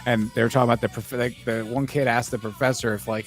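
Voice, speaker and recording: A man co-hosting a podcast, chatting casually and telling animated stories to make his points. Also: mid-range voice, quick pace, soft background music. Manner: storytelling, animated when making a point. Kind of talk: casual chat.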